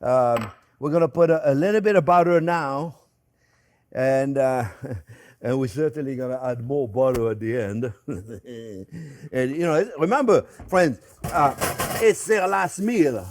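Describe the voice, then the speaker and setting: A man's voice: medium pitch, expressive, measured pace, pauses often, darkish tone, a little hiss or hum. An older man with a French accent, hosting a casual cooking demonstration in a kitchen, chatty and joking with lots of fillers and restarts. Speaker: chef and host. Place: home kitchen.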